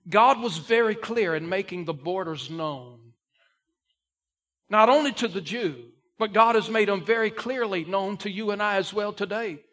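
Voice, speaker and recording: A male pastor preaching a sermon in a folksy way that builds to loud, emphatic climaxes. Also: high voice.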